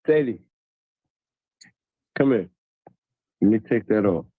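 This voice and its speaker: A man's voice: fairly low pitch, lively intonation, slow pace, dry recording, phone-quality sound. A man in casual chat, laid-back, answering in short lines between laughs.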